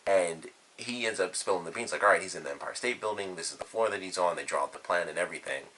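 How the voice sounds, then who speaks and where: A man's voice: low-pitched, quick pace, bright, forceful tone, slight background noise, low-quality recording. A man giving a casual, rambling spoken review of a TV episode, retelling scenes with lots of fillers. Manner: rambling, enthusiastic, loose retelling with many fillers.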